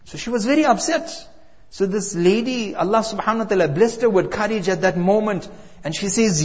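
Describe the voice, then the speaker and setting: A man's voice: high-pitched, brisk. A man delivering a sermon as a story, emphatic, drawing out key words. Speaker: preacher. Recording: reverberant hall, dull lo-fi sound.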